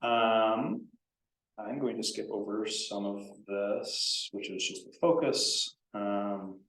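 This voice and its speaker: A man giving a conference writing workshop in a casual, animated way, acting out example sentences. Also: lowish voice, slow. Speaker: workshop presenter. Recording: echoey room, distant from mic.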